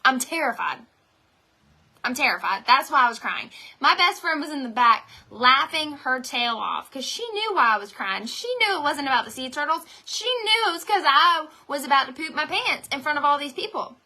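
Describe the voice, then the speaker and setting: A woman's voice: high voice, animated, moderate pace, few pauses, pushed and bright. A woman, rambling and chatting directly to viewers in a motivational live stream from home. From North Carolina. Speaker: direct sales team leader.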